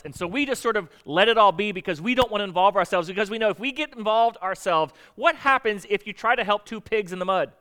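A man's voice: sits high, quick pace, hardly any pauses, bright, forceful tone, clean tone. A middle-aged man, a pastor from the United States, preaching a conversational sermon and acting out quoted voices.

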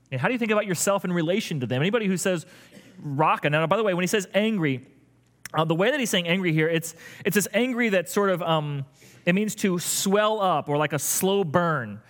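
A man's voice: fairly high pitch, fairly bright tone. A middle-aged man preaching a conversational sermon as a pastor, often repeating words while thinking aloud.

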